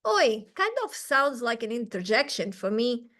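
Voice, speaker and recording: High-voiced woman teaching slowly. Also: big pitch swings, a bit bright. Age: 40s. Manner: patient and encouraging, checks in with "okay?". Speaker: Portuguese teacher. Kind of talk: online class teaching. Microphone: video call.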